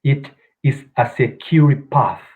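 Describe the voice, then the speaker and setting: A man's voice: mid-range voice, takes it slowly. Man speaking over a tinny call line. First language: Portuguese. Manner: hesitant, many ums, non-native grammar. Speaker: guest speaker. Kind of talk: spiritual talk on video call. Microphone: video call. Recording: tinny phone-like call audio.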